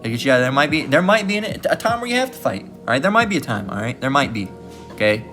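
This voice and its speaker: A man's voice: mid-range voice, very animated, quick pace, sharp tone, faint music behind. A man teaching from scripture in a casual sermon, repeating "okay?" and "all right?" as he goes. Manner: informal, repetitive, keeps asking "okay?" and "all right?". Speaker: Bible teacher.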